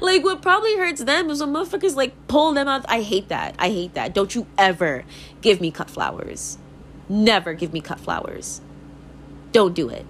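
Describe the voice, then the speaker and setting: Animated young woman rambling casually. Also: a little hiss or hum. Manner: rambling, emphatic, swears freely, frequent "like" fillers; animated, laughs and jumps into high mock voices. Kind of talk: casual monologue.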